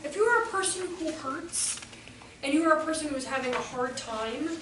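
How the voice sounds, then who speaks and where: A high-voiced woman educator tells classroom stories to a live audience, animated and slipping into children's voices. She sounds far from the mic in an echoey room, with a faint hiss under her voice. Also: a little fast. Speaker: educator giving a talk. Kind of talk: storytelling presentation to an audience.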